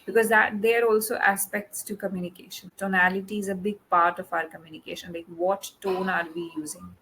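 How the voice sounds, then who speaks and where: A woman English tutor giving a one-on-one lesson, explaining grammar patiently and slowing down for her examples. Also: mid-range voice, little pitch movement, a bit bright, husky, poor audio.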